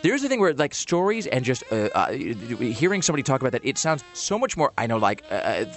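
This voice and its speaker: A man hosting a podcast in casual chat, rambling and animated, with many restarts and fillers. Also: mid-range voice, fairly quick, faint music behind. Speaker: podcast host.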